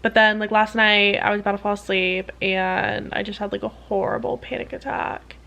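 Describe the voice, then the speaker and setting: A young woman in her twenties, a PhD student vlogging, telling a story in quick, breathless casual chat full of "like" and acted-out quotes. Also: mid-range voice, steady tone, gravelly, pushed and bright, highs cut off.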